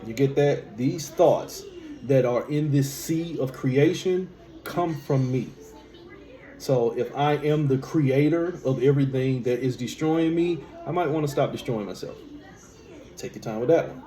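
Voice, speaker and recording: A man's voice: mid-range voice, normal speed, dark tone, faint music behind. A man giving a spiritual teaching monologue, emphatic, asking rhetorical questions and repeating key phrases. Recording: echoey room with faint background hum.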